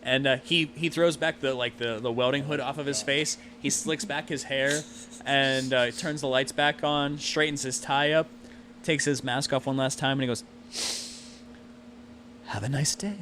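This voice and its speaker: A man's voice: medium pitch, fairly even intonation, normal speed, pushed and bright, a little hiss or hum. A man narrating as game master of a tabletop game, rambling with lots of fillers.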